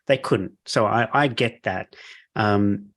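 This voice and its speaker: A middle-aged man hosts a podcast in a lowish, slightly bright voice, speaking slowly. The chat is casual, and he comes across as enthusiastic and encouraging, laughing easily.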